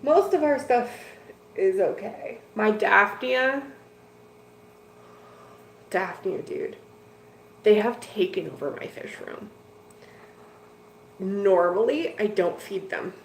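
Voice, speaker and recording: A woman's voice: medium pitch, animated, takes it slowly, vocal fry, long pauses. Chatty woman in an echoey room. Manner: rambling and chatty, with lots of "like" and "dude". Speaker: host of a fish-keeping live stream. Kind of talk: casual live-stream chat, answering viewers. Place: home room with fish tanks. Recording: echoey room with faint noise.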